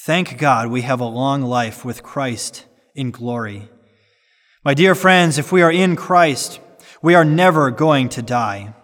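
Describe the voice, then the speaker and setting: A man's voice: mid-range voice, takes it slowly, a bit bright. A man reading a nineteenth-century sermon aloud in an earnest preaching cadence with strongly shifting emphasis. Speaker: sermon reader. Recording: long reverb.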